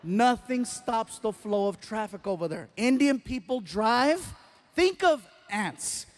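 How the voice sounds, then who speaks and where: High-voiced, animated stand-up comedian. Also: male voice, slow pace. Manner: animated storytelling, acting out scenes. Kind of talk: stand-up routine. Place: comedy stage before a live audience.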